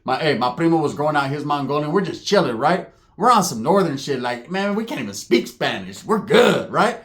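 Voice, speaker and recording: Dude telling a wild story fast, high voice, slangy, cussing a lot. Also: male voice, sing-song, a bit bright. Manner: rapid slangy delivery, jumps into high squeaky character voices. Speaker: comedic storyteller. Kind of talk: profane comedic storytelling with put-on character voices.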